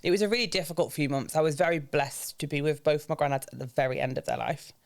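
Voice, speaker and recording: A young Englishman in his twenties, a guest on a podcast, talks candidly and thoughtfully about personal matters. His gravelly voice holds a steady tone as he speaks quickly, and he discusses grief in a low, earnest way.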